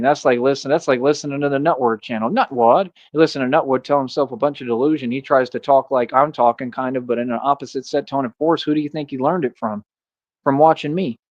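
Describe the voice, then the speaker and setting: A man's voice: mid-range voice, dry recording. Confrontational man ranting to viewers. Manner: confrontational, insistent, repeats "bro" and "you feel me". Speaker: streamer. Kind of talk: unscripted monologue to viewers. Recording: dull, dry lo-fi stream audio.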